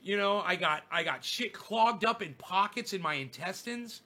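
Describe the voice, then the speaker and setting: A man's voice: high-pitched, animated, normal speed, sharp tone. Angry, profane man ranting. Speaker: streamer. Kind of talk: ranting livestream monologue.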